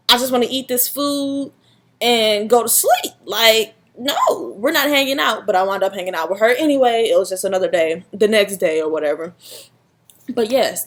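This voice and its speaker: Animated young woman telling a story. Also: on the high side. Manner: animated, dramatic storyteller, slangy. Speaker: vlogger. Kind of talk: casual storytime chat.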